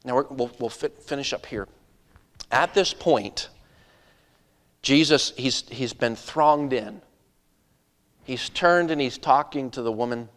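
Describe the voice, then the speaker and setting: A man preaching a sermon who drops to a hush and then rises to loud, urgent passages, often repeating words when he gets going. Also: medium pitch, slow, pauses often. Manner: swings from hushed to loud and urgent, acts out voices. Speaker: pastor.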